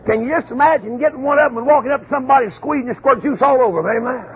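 A man preaching, husky voice, acting out voices and shouting now and then. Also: very high voice, rapid-fire, slight background noise. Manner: folksy, acts out voices and shouts. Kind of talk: folksy sermon storytelling. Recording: dull phone-like lo-fi recording.

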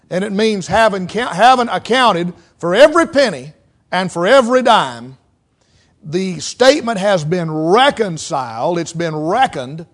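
Speaking in a voice that sits high, a man with a Southern mountain accent preaches a sermon in a folksy, conversational way. He acts out little quotes as he teaches.

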